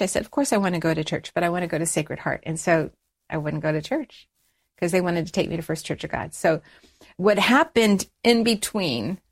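A middle-aged woman telling a personal story as an interview guest, lively, raising her voice when she quotes people. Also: fairly low pitch. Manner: animated storytelling, acts out quoted dialogue in a raised voice. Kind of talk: personal conversion story in conversation.

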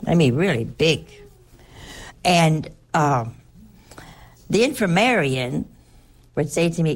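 A woman's voice: low-pitched, sing-song, takes it slowly, long pauses. An older woman, a nun, telling a personal story in a rambling, conversational way. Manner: rambling, conversational, with frequent restarts.

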